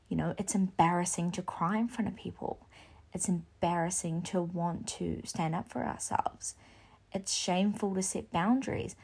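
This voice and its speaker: A young woman hosting a solo podcast, talking bluntly and with swearing, and getting more and more worked up. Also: on the low side. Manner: impassioned, blunt and sweary, rising to near-shouting. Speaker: podcast host. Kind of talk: casual solo podcast monologue.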